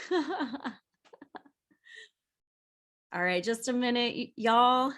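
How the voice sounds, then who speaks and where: A woman hosting a video call, warmly greeting attendees by name in a bubbly way. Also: fairly high pitch, lively intonation, very slow. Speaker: webinar host. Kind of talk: welcoming a video call audience.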